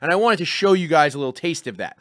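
A man hosting a comedy podcast, joking and teasing his co-host in a deadpan way. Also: on the high side, fast, dry recording, studio quality.

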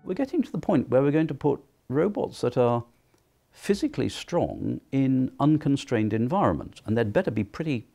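A man giving a measured, explanatory documentary interview as an academic. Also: mid-range voice, sing-song, gravelly, mellow, faint music behind.

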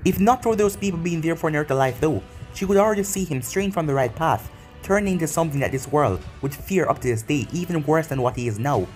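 A man's voice: a little high, lively intonation, fast, darkish tone, faint music behind. Man reading a story aloud. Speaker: story narrator. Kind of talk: reading fan fiction aloud.

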